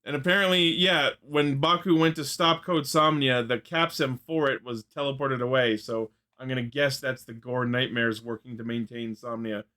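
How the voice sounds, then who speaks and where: A man's voice: mid-range voice, steady tone, moderate pace, few pauses, bright, forceful tone. A man co-hosting a casual fan podcast, recapping episode plot in detail with enthusiasm and casual swearing. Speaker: podcast co-host.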